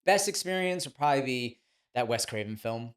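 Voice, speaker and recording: An animated, chatty man in his thirties tells stories as a podcast guest. His voice sits at an ordinary middle pitch, and he often laughs between lines. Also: a little fast, clean tone. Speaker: guest, former child actor turned boxing trainer. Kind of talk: casual podcast storytelling.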